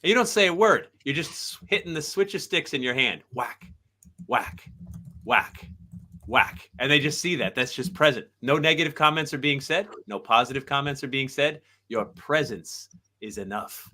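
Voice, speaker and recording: A man co-hosting a podcast, joking in a deadpan way in casual chat. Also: on the high side, brisk. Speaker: podcast co-host.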